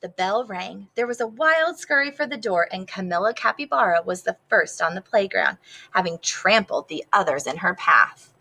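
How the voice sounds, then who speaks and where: A woman teacher reading a picture book aloud to her class, expressive, pausing to ask the children questions. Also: medium pitch, creaky, poor audio.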